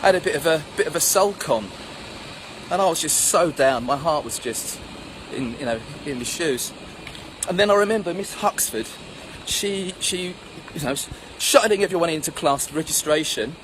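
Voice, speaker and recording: Guy, middle-aged, acting out his own life story outdoors, a bit high-pitched, traffic noise clearly heard. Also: moderate pace. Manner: animated storyteller who acts out the voices of people in his story. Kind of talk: storytelling monologue. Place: outdoors at sunrise. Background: street and traffic noise.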